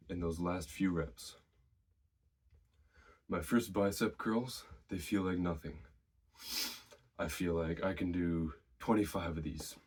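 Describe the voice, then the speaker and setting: This very deep, slightly rough male voice belongs to a fitness vlogger offering casual advice to camera. He walks through his training routine in an easygoing, chatty way, drawing on personal experience while still slightly winded.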